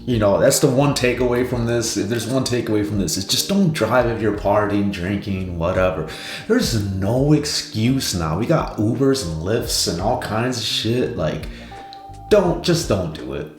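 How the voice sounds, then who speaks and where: A man's voice: fairly low pitch, lively intonation, normal speed. A man hosting a reaction video, giving rambling, laid-back, profane commentary. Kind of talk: casual commentary. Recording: roomy sound with faint music.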